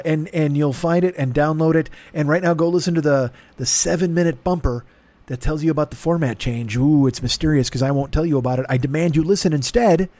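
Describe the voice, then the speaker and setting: Male podcast host, a touch high-pitched, rambling and self-mocking, swearing freely, recorded dry and close. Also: darkish tone, no echo. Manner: profane, self-mocking, talks in circles. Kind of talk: rambling comedic monologue.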